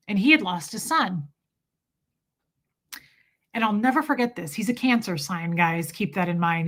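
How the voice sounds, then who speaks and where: A woman with a medium-pitched, fairly bright voice hosts a livestream. She confides a heartfelt personal story to her chat, restarting her sentences many times.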